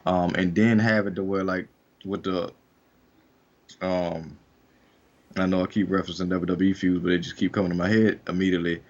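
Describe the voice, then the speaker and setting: This wrestling podcast co-host speaks in a low, level male voice at a moderate pace, pausing often as he rambles casually with many fillers and restarts. The high frequencies are cut off.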